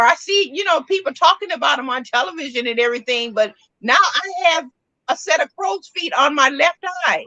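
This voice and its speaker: Candid laughing woman, bright and dry. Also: sits high, expressive, a little fast, no room sound, lo-fi sound. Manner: candid and self-mocking, laughs often. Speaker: guest. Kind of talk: casual interview chat.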